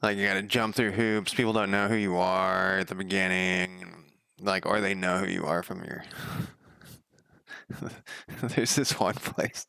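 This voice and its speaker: A man's voice: fairly even intonation, measured pace, creaky, long pauses, smooth, dry recording. A man streaming his game coding, chatting casually and swearing freely as he rambles through a story. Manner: loose, profane storytelling with frequent fillers; gets louder and higher when quoting others. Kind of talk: casual rambling livestream chat.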